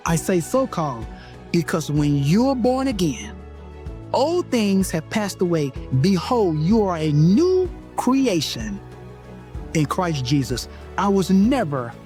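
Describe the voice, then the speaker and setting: A man's voice: high-pitched, darkish tone. A man in his fifties giving a personal faith testimony as an interview guest, speaking with an emphatic, preaching rhythm and repeated phrases.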